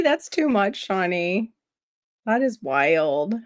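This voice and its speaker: A woman's voice: lowish voice, expressive, a little slow, no room sound. Chatty nasal woman hosting a livestream. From Florida. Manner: chatty, reads viewer comments and answers them aloud. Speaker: livestream host. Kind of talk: casual livestream chat with viewers.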